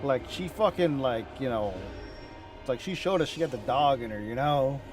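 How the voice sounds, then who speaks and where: A man chatting casually as he reacts to game cinematics, excitable, rambling and profane. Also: medium pitch, normal speed, soft background music. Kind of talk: casual chat.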